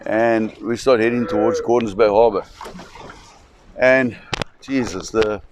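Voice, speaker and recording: A man's voice: lowish voice, steady tone, measured pace, slight background noise. Man telling a story. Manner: vivid, restarting, acts out voices. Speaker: shark expedition operator. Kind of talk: dramatic storytelling.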